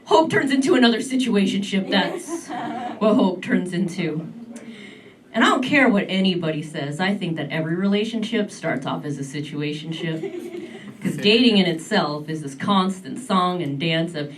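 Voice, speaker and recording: A woman in her thirties performing an animated stand-up comedy set on a club stage. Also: fairly low pitch, moderate pace. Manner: animated, switches between voices. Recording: distant mic, club crowd laughing.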